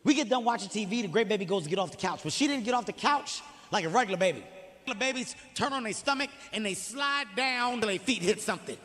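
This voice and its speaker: Brief: male stand-up comic, high voice, rapid profane storytelling, live hall reverb. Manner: animated, profane storytelling with acted-out quotes. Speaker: stand-up comedian. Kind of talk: stand-up comedy. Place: theater stage before an audience.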